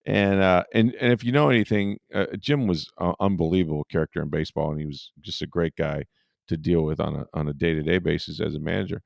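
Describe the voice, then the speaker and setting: Gravelly man telling a rambling story. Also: low-pitched, steady tone, quick pace, darkish tone, dry recording, studio quality. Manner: rambling, self-deprecating, laughs often. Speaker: podcast host and sportswriter. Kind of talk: casual storytelling chat.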